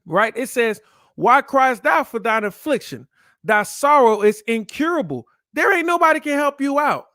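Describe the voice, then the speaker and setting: High, lively preaching man. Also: normal speed, dry recording, clean studio sound. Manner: preachy, repeats lines for emphasis, rhetorical questions. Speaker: podcast host. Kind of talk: preaching from scripture.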